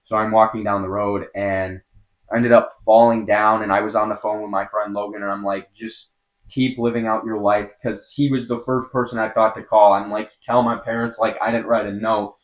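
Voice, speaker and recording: A young man with a lowish voice tells his own story as a podcast guest, earnest and halting, leaning on filler words as he goes. The recording sounds a little dull and lo-fi. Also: flat delivery. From Wisconsin, USA. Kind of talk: personal storytelling in an interview.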